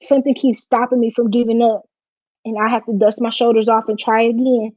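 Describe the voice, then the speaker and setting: This livestream host talks briskly in a fairly high, level voice, emotional and informal, nearly in tears as she speaks with heartfelt slang. There's no room sound, and the stream audio is dry and a bit dull and lo-fi.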